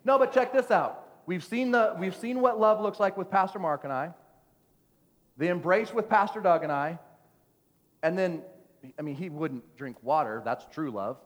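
A man's voice: high-pitched, moderate pace. A man preaching a playful sermon to his church as pastor, joking with the congregation while telling a story. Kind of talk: lively sermon with stories. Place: church sanctuary. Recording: long church hall reverb.

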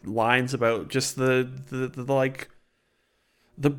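A man's voice: medium pitch, level tone, slow pace, fairly bright tone, clear, resonant tone. Opinionated man chatting about games. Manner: rambling, opinionated, frequent restarts and swearing. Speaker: podcast co-host. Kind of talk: casual chat.

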